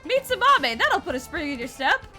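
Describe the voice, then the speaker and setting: A woman voicing an eager, excitable young male police officer in game dialogue. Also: extremely high pitch, normal speed, faint music behind, pitched above the performer's own voice, heavily acted. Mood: upbeat. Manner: upbeat, excitable, chipper. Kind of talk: game dialogue read aloud.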